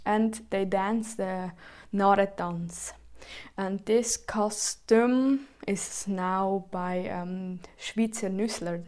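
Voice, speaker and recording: A woman's voice: medium pitch, steady tone, extremely slow, darkish tone, clear, resonant tone. A woman from Switzerland with a Swiss German accent, giving an informal spoken presentation in hesitant English full of fillers and the odd German word. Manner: hesitant, many "like" and "um" fillers, slips into German words.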